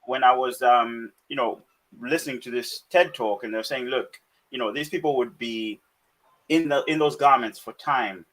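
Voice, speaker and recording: A man's voice: medium pitch, moderate pace, a bit bright, rough recording. A man hosting a casual panel discussion, talking reflectively and hedging with "you know". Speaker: panel host.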